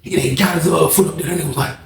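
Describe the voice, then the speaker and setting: A man telling a casual storytime, slangy and animated, acting out the people in it with a gravelly voice. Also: fairly high pitch, racing, reverberant.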